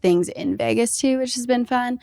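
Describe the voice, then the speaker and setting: A woman's voice: a little high, normal speed, creaky, darkish tone, dry recording. A young adult woman with a Minnesota accent, chatting as a podcast guest, laughing often and filling with "like". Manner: laughs often, many "like" fillers. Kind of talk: casual interview chat.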